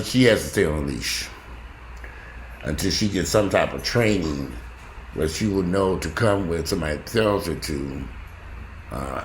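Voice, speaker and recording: Low-voiced, profane man telling a story. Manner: profane, animated, colloquial. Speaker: vlogger. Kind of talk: casual storytelling. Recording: echoey room with faint background noise.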